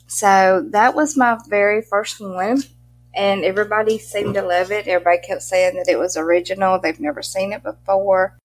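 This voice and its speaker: A woman's voice: medium pitch, fairly even intonation, normal speed. A middle-aged woman from Mississippi with a strong Southern accent, chatting as an interview guest, laughing often and using country turns of phrase. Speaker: guest, pet content creator. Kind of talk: casual interview chat.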